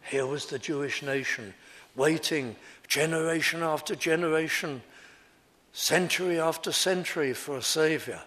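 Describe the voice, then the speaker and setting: A man preaching an expository sermon, slow and emphatic, rising dramatically when he quotes. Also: medium pitch, a bit bright.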